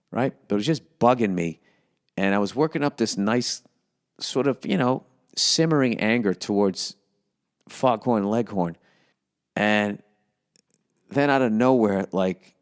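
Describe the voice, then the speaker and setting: A man hosting a podcast, ranting in a profane, rambling comic monologue. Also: lowish voice. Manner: profane, rambling, heavy swearing. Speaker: podcast host. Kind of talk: comedic monologue rant.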